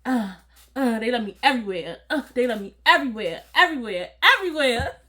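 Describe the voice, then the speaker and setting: A woman telling a casual, animated storytime to her viewers, acting out voices and laughing along. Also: on the high side, a little fast, a little hiss or hum. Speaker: storytime vlogger.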